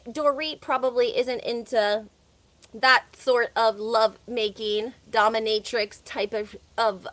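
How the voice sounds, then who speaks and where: A woman's voice: medium pitch, a bit bright. A woman with a Southern American accent hosting a casual gossip livestream, chatty and opinionated, often laughing between her points. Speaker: reality TV recap host.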